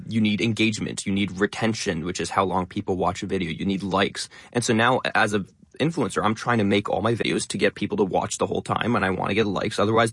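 A young man talking fast and stressing many words as a content creator guest in an interview. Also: lowish voice, a bit bright, dry recording, clean studio sound. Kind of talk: interview conversation.

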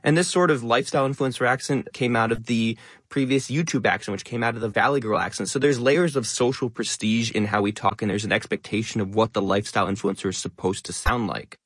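A young man talking fast and stressing many words as a content creator guest in an interview. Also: mid-range voice, a bit bright, dry recording, clean studio sound. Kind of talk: interview conversation.

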